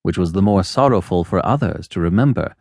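A man narrating a classic novel in a measured, lowered storytelling voice. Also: expressive, gravelly, darkish tone, no room sound, clean studio sound. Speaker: audiobook narrator.

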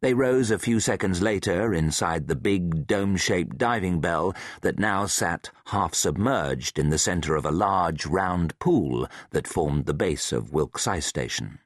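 A man narrating a thriller audiobook in a measured, dramatic way. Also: sits low, expressive, no room sound, studio quality. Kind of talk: scripted narration.

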